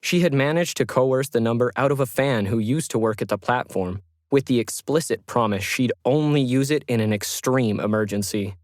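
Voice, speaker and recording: A man giving measured, scripted narration of a science fiction story. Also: medium pitch, a little mellow, no echo, studio quality.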